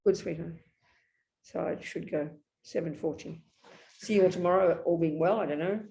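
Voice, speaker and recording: Emphatic Buddhist nun teaching over a call. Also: female voice, on the low side, a little fast, creaky, mellow, husky. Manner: emphatic, intimate, calls listeners darling. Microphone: video call.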